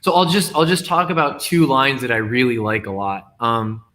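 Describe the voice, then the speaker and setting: A man's voice: mid-range voice, fairly even intonation, fairly bright tone. Man patiently explaining his wordplay. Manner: explains wordplay carefully, reading slowly. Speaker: guest poet. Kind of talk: casual video-call conversation.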